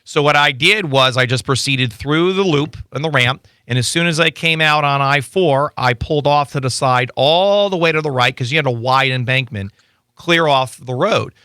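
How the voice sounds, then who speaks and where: A man appearing as an attorney guest, chatting casually in a radio studio and telling animated stories with lots of restarts. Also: medium pitch, moderate pace, clear, resonant tone, dry recording. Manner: animated storytelling with frequent restarts. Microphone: studio microphone.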